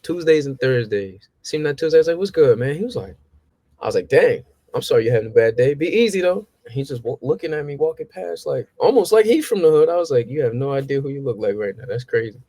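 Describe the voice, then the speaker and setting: A young man tells stories in a relaxed chat. He acts out his old conversations, his voice jumping high as he plays them back. The sound is dry and close. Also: fast, breathy edge, no echo. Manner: animated, acts out his own past exchanges with rising pitch. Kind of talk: casual storytelling.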